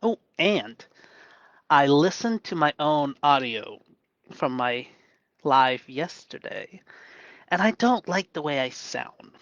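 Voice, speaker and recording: A man in a reflective live monologue, speaking gently and softly in a deliberately lowered voice, thinking aloud with pauses and restarts. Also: big pitch swings, no echo, lo-fi sound. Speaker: self-coaching vlogger.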